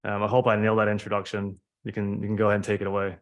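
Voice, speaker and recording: A man's voice: fairly low pitch, completely flat delivery, very fast, dull audio. A man hosting a webinar who introduces a guest in a hesitant way, with many fillers. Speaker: webinar host.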